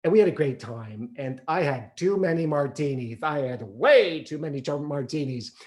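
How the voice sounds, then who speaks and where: A man performing a one-man theatrical storytelling show, animated and acting out the people he describes. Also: fairly high pitch, normal speed. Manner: animated, acts out other people's voices. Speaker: solo stage performer. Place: theatre stage.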